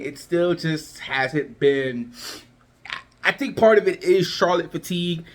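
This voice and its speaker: Casual vlogger, male, pitched a bit high, rambling and chatty, slightly cracking voice. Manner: chatty, loose, lots of fillers and restarts. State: voice cracking a little. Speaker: wrestling predictions vlogger. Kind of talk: casual chat to camera.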